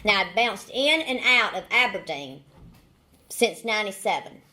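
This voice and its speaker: A woman's voice: medium pitch, expressive, unhurried, pushed and bright. Folksy Southern woman telling her story. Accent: Southern American. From Southern United States. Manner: folksy storytelling with repeated phrases and dry humor. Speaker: AA speaker. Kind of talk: recovery testimony talk.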